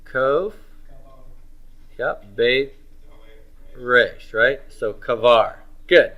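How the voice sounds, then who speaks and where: A middle-aged man teaching Hebrew grammar in a homework review lecture. He asks questions and answers them himself, drawing out words slowly. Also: medium pitch, muffled recording.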